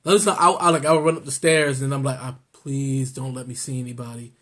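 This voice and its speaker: A man's voice: medium pitch, steady tone, fairly quick, a bit bright. A man co-hosting a casual weight-loss vlog, laid-back and joking as he gives advice. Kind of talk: casual chat.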